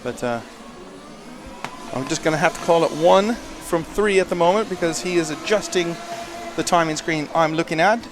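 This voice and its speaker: A man commenting live on a race in a chatty, self-deprecating way, with excitable bursts. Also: a little high, normal speed. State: a little out of breath.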